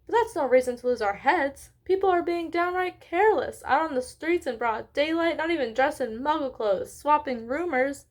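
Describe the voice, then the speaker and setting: A woman acting out a sharp-tongued older professor in a storybook reading. She snaps and sighs with impatience, her voice pitched a little high. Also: expressive, unhurried. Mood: impatient. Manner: clipped and exasperated.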